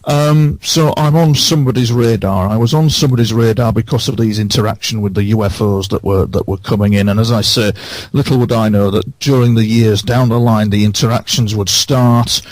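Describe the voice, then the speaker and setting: A man on a radio show who recounts his experiences earnestly, halting and repeating phrases for emphasis. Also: fairly low pitch, fairly even intonation, a little mellow, no echo. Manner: halting, with many false starts.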